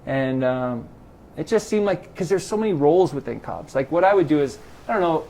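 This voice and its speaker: Middle-aged man telling animated stories. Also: on the high side, brisk. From Los Angeles. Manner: animated storyteller acting out quoted dialogue. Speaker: interview guest, triathlon club president. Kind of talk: casual storytelling interview. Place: garage.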